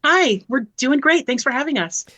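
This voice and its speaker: A woman program manager who is a guest on a radio show, explaining things in a clear, steady, informative way. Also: high voice, normal speed, no room sound. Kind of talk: explaining in an interview. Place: radio studio.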